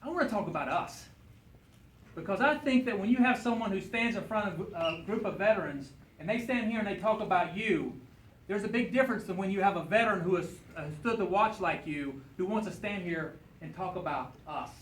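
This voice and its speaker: A man's voice: high-pitched, lively intonation, a little fast. A man speaking as a guest speaker at a veterans event, telling a story and then speaking earnestly. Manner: earnest, folksy. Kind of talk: public speech with storytelling. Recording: echoey room with faint ambience.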